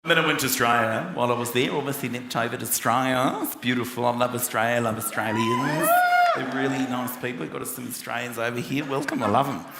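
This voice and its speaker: A man doing a stand-up comedy routine, animated, slipping into other voices and shouting punchlines. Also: mid-range voice, quick pace, gravelly, slight background noise. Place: large venue with a live audience. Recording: echoey live hall with loud crowd laughter.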